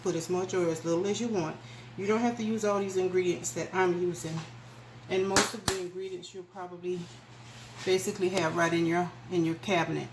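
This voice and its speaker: Chatty woman cooking at home. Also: on the low side. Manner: chatty, folksy, addresses viewers as y'all. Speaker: cooking channel host. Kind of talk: casual cooking demonstration. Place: small home kitchen. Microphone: camera mic, filming alone. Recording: echoey kitchen with background noise.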